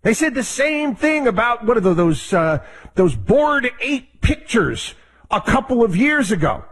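A man hosting a talk radio show, giving an emphatic, lecturing opinion monologue with a husky voice. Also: very high voice, sing-song, measured pace, a bit bright.

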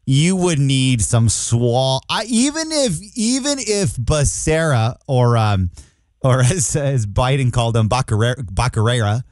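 A man's voice: mid-range voice, very animated, slow pace, darkish tone, no room sound, clean studio sound. A man hosting a call-in radio talk show, joking and rambling, repeating himself.

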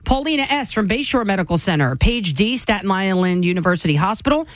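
A woman hosts a radio show and rattles through a list in a brisk, matter-of-fact way. Her pitch moves lively and the sound is dry and close. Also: no room sound. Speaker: radio host. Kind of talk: radio show hosting and segment reading.

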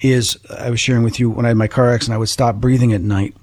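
Male talk host, casual, husky edge, dry mic. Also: medium pitch, steady tone, quick pace, a little mellow, dry recording. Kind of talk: casual chat.

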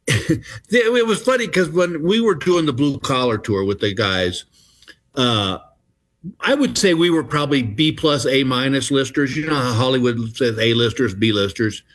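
A man's voice: mid-range voice, lively intonation, unhurried, fairly bright tone. A middle-aged man, a comedian guest telling rambling anecdotes in a casual interview. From Texas. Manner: rambling anecdotes with restarts and acted-out voices.

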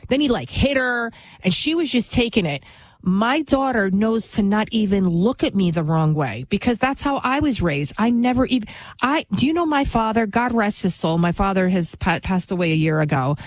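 A woman's voice: mid-range voice, animated, normal speed, no room sound. Blunt, emphatic woman talking straight to listeners. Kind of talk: opinionated monologue.

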